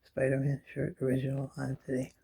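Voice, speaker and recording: A man's voice: medium pitch, monotone, fairly quick, gravelly, dark tone, husky. A middle-aged man with missing teeth, rambling to camera in a chatty home vlog from a kitchen chair, often trailing off into a mumble. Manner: chatty, drifting asides, often dropping to a mumble. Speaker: vlogger. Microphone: camera in front of him.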